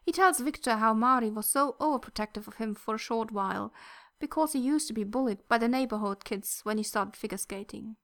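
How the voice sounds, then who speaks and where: A woman reads a fan fiction story aloud in a soft, gentle voice that sometimes sinks almost to a whisper. Her voice is a little high and her pace brisk.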